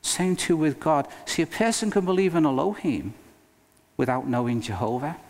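A male pastor preaching a sermon in an earnest, emphatic way, with dramatic pauses. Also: a little high, animated. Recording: long reverb of a hall.

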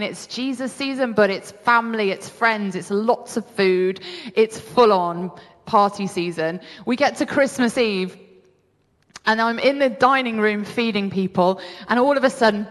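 A woman preaching, telling a personal story with animated acted-out reactions. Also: mid-range voice, big-room sound. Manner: animated storytelling, acts out her own reactions.

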